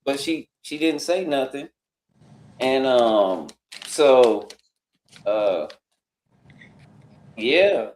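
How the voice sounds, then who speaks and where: A man's voice: medium pitch, very slow, long pauses, a little mellow, slight background noise. A man telling a long story in casual talk, acting out what other people said in changed voices. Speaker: guest on a live talk stream. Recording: roomy echo.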